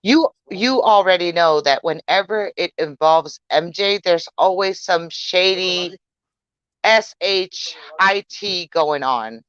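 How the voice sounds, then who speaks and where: Low, smooth-voiced woman co-hosting a podcast. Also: slow, a bit bright, no room sound, dull audio. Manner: frank, opinionated, reads comments aloud. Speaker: podcast co-host. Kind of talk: casual podcast chat.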